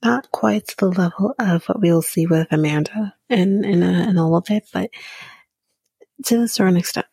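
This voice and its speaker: Gravelly-voiced sarcastic woman podcaster. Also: lowish voice, moderate pace, dry recording. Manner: blunt, sarcastic, swears freely; drifts into soft whispery asides. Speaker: podcast host recapping a reality show. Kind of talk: casual recap chat.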